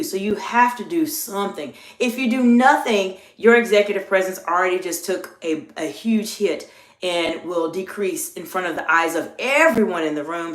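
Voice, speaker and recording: A woman executive communication coach giving a live coaching talk, earnest and repetitive, slowing down to model the phrases she teaches. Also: medium pitch, a bit bright. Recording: echoey room.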